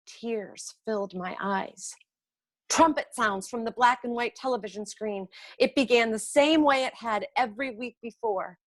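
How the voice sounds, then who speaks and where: A middle-aged woman recites a personal monologue with measured, emotive delivery. She talks slowly, leaving long pauses, and her voice sits fairly high. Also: a bit bright. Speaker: monologue performer.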